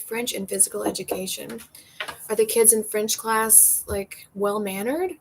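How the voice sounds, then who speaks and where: A woman's voice: medium pitch, steady tone, measured pace, noisy background. A woman hosting a casual livestream from her porch, chatting over a cocktail and reading out viewer comments in a rambling way, laughing often.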